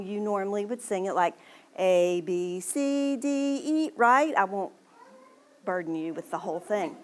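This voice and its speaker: Woman teaching parents about reading, patient, sounds out letters for them, library room talk. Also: mid-range voice. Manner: explains patiently, models letter sounds aloud. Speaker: early literacy presenter. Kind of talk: presentation to parents.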